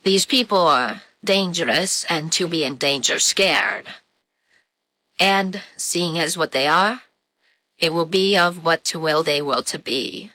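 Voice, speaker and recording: Picture a comic announcer who mangles her English, as a woman puts her on. She talks slowly and haltingly, with many "uh"s, in a bright, lower-pitched voice. The sound is close and dry. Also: expressive, dry recording, exaggerated voice. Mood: earnest. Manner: halting, jumbled phrasing with many "uh"s. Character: comic woman speaking in jumbled broken English.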